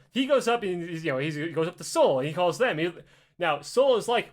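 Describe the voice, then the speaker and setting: A man casually telling a history story on a podcast, animated and profane, acting out quotes and laughing often. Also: sits high, brisk.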